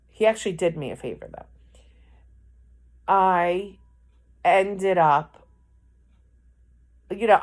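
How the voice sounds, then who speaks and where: A woman telling a personal story in an emotional, rambling way, full of restarts and repeated words. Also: fairly low pitch.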